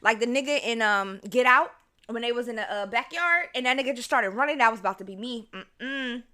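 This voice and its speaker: A woman, hosting a casual solo podcast and telling stories in a lively, profane way while she eats. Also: a little high, brisk. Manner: animated storytelling, swears freely, mimics her own voice. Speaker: podcast host.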